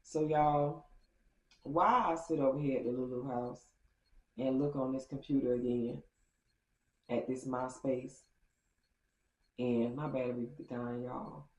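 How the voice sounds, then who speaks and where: Animated woman telling a story. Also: measured pace, long pauses, reverberant, rough recording. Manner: animated, acts out quotes with jumps in pitch. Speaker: storytime vlogger. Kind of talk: casual storytelling.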